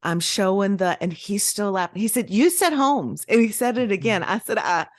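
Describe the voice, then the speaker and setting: Lively woman telling a story. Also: medium pitch, brisk, dry recording, studio quality. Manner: animated, laughing, acts out quoted voices. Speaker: podcast co-host. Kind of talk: casual storytelling chat.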